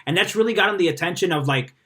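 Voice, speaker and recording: Bright-toned laid-back male host. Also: sits high, expressive, rapid-fire. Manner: laid-back, laughs often, many fillers. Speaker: radio podcast host. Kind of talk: casual interview chat. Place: Miami.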